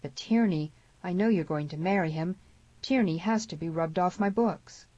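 A woman's voice: on the low side, normal speed, mellow, no echo, natural voice. A woman narrator reading a grave, stern young frontier man. He speaks gloomily and seriously. The storybook recording is dry and a little dull.

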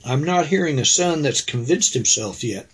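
A man's voice: a little high, lively intonation, moderate pace, a bit bright, husky, heavily acted. A man voicing his plain-spoken, skeptical older father, blunt and folksy. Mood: doubtful.

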